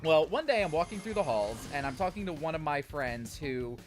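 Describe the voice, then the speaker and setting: A man's voice: on the high side, very animated, brisk, faint music behind. A young man streaming a game, telling a story in a rambling, self-deprecating way with lots of fillers. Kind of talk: casual chat while streaming a game.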